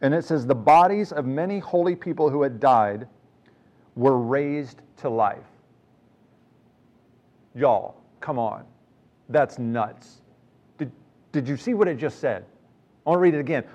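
A man's voice: mid-range voice, a little slow, long pauses, a little mellow. A man preaching a sermon in a conversational way, reading scripture with rising emphasis. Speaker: pastor.

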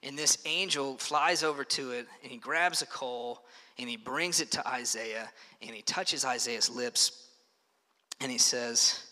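A man preaching a sermon in a conversational, animated way, with frequent fillers and restarts. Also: medium pitch, measured pace. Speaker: pastor. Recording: long reverb of a large hall.

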